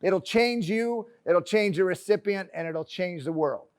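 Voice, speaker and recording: A man giving an energetic, joking motivational talk from a conference stage, calling the audience his friends. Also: sits high, a little slow. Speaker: keynote speaker.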